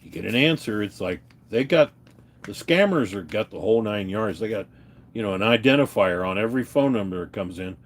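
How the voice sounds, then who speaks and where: A livestreamer with a lowish voice and lively intonation speaks a little fast in an unscripted, agitated rant. Swearing, he answers chat and tells viewers stories about his grievances.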